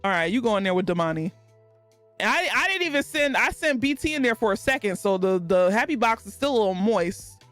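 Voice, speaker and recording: Lively lisping Texan woman streamer. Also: mid-range voice, brisk, no echo, faint music behind. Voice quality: slight lisp. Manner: laughs often, talks back to chat. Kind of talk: casual live-stream chat.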